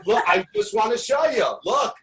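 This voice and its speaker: An older man, a balloon artist chatting as a guest in a jokey, exuberant way with loud bursts over a video call. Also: very high-pitched, expressive, moderate pace, vocal fry, far from the mic, background noise. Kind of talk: comic casual chat.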